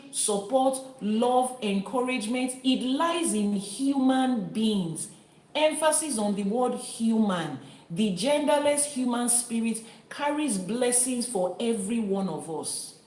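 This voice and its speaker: A woman's voice: on the high side, animated, unhurried. A woman from Nigeria hosting a live-stream teaching, talking earnestly and emphatically to her viewers and reading their comments. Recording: echoey room.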